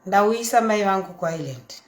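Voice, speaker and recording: A Zimbabwean woman in her thirties talks through her own story in a loose, chatty vlog style. She slips between English and Shona and throws in lively asides. Her voice sits at a middle pitch, and the room around her has a clear echo. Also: normal speed. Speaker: socialite vlogger. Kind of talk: casual storytelling monologue.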